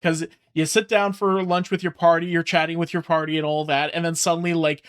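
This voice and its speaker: A video-reaction host rambles through ideas with many fillers and frequent laughs. The voice sits at a middle pitch and is relaxed and casual. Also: a little fast, clear, resonant tone.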